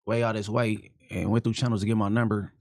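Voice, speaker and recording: A man's voice: fairly low pitch, little pitch movement, fast talker, a little mellow, no room sound, studio quality. A man on a podcast, defending himself in casual talk, stammering and repeating words as he cuts in. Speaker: podcast guest.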